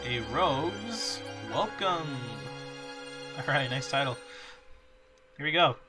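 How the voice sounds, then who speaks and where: A man's voice: on the high side, expressive, takes it slowly. A young man hosting a casual let's play, goofy and self-mocking, with game music behind. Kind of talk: casual gameplay commentary.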